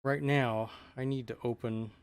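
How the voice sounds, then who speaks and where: A man's voice: mid-range voice, fairly even intonation, clear, resonant tone. A man co-hosting a live stream, chatting casually and laughing while cartoons play, with many fillers and restarts. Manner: laughs often, halting with fillers. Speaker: podcast co-host. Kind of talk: casual chat over cartoons.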